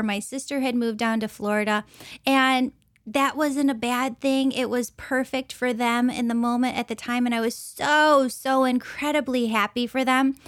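An earnest woman tells a personal story, taking her time and lingering over each phrase. Her voice sits a little high and she circles back to repeat key words for weight. The sound is close and dry. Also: no room sound. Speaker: intuitive reader.

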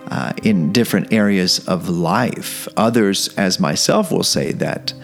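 A man preaching a devotional sermon, earnest, repeating phrases and building toward fervor. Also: lowish voice.

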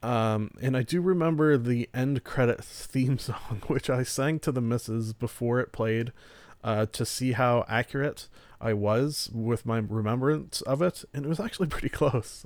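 A man's voice: mid-range voice, darkish tone, no echo. A man hosting a solo podcast, reviewing films and shows in a casual, rambling way, often restarting and chuckling. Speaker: podcast host.

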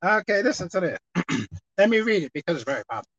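Woman preaching, lively pitch, loud exhorting then soft asides, slow scripture reading, dry close sound. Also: slightly rough, no echo, muffled recording. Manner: emphatic, swinging from loud exhorting to quiet asides, slowing to read scripture. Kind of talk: sermon.

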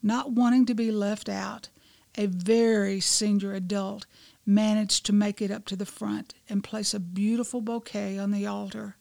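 A woman reading a devotional she wrote, in measured, gentle storytelling with soft hushed passages. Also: mid-range voice, little pitch movement, gravelly, no room sound. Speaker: devotional writer and presenter.

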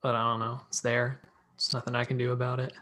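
A man with a bright, clear voice hosts a relaxed podcast chat. He works through his notes on a skate video in a loose, jokey way. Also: medium pitch, fast. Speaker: podcast host.

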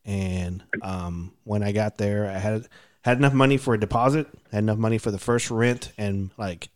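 A man's voice: fairly low pitch, normal speed, darkish tone. A man telling stories in a casual podcast chat, rambling, with many restarts and fillers.

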